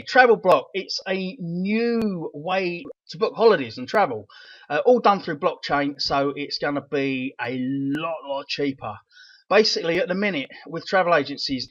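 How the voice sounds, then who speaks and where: Excitable Cockney man with a rattly voice. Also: on the high side, no echo. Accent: London Cockney. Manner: enthusiastic, rambling with fillers. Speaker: crypto channel host. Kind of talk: casual vlog review. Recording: dull, lo-fi dry sound.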